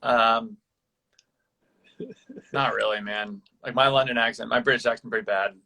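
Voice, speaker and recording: A man's voice: mid-range voice, steady tone, normal speed, creaky, pushed and bright. A man in his thirties co-hosting a casual live stream, laid-back and jokey, tossing in slang as he reads viewer questions.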